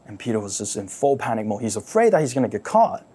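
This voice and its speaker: Dramatic, husky-voiced preacher storytelling. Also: male voice, lowish voice, sing-song, fast talker. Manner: dramatic retelling, swings from loud to near-whispered; repeats words and phrases for emphasis. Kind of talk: sermon storytelling.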